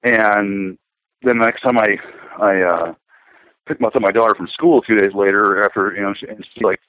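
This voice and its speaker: A man's voice: on the low side, brisk, a bit bright, no room sound. A middle-aged man talking casually, rambling and hesitant, with many fillers and restarts. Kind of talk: casual conversation. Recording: dull lo-fi sound.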